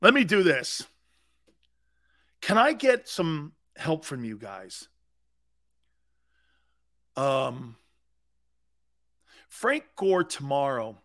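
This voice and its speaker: A man hosting a sports talk radio show, telling stories with emphatic repetition and growing excitement. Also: fairly high pitch, drawn-out words, long pauses, dry recording, clean studio sound.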